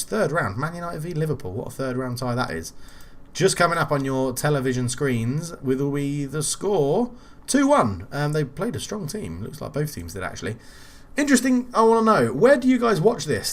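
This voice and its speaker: A young man commentating on his own football management game, casual and quick to rant and swear when frustrated. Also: medium pitch. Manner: exasperated, ranting at the game, swears. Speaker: gaming channel host.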